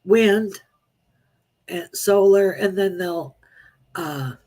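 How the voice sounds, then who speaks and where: Female psychic guest, plain-spoken, halting with restarts. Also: mid-range voice, mellow. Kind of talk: casual live-stream chat.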